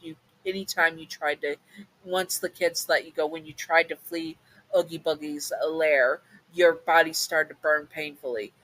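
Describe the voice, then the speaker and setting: A woman's voice: deep voice, fairly bright tone, rough recording. A woman narrating a listener role-play story in a casual, chatty way, sometimes correcting herself. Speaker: narrator and channel host.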